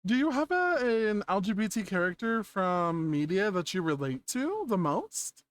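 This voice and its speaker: An upbeat streamer hosts a casual interview, quick to cheer the guest on. His pitch moves a lot, and the sound is close and dry. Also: sing-song, smooth, dry recording.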